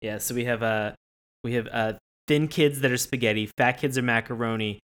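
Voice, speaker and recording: A man's voice: mid-range voice, steady tone, fairly quick, fairly bright tone, clear, resonant tone. Rambling, laughing podcast co-host man. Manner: rambling, restarts, frequent laughter. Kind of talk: casual chat.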